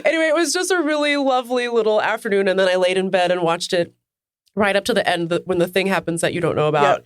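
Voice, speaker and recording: A woman co-hosting a chat podcast, telling stories in a giggly, animated way and acting out what people said. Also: medium pitch, quick pace, clear, resonant tone, no echo, clean studio sound. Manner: animated storyteller, giggly, acts out quotes. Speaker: podcast co-host. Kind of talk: casual chat.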